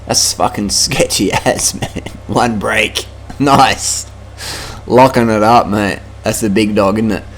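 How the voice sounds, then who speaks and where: A man's voice: fairly low pitch, fairly even intonation, slow pace, a bit bright. Australian male cycling vlogger, blunt and profane, casual rant. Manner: blunt, brash, swears freely.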